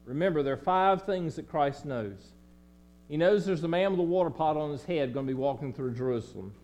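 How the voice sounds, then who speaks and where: In a church sanctuary, a male pastor with a Southern accent preaches a sermon. His delivery swings between loud emphasis and quiet, low passages.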